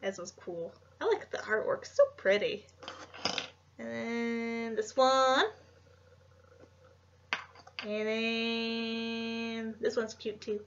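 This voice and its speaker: A woman's voice: fairly high pitch, a bit bright, a little hiss or hum. Chatty young woman showing off convention loot. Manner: chatty, gushing, filler-heavy. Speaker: vlogger. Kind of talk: casual haul chat. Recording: dull lo-fi home recording.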